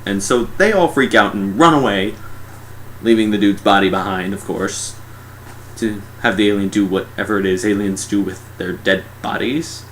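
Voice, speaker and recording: A man's voice: fairly low pitch, normal speed, a bit bright, slight background noise. A sarcastic young man giving a casual, mocking movie review.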